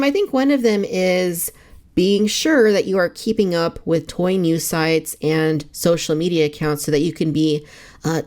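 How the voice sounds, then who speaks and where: A woman's voice: on the low side, a little mellow. A woman co-hosting a collectors' podcast, chatting in a friendly, laid-back way with light jokes. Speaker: podcast co-host. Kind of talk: casual chat.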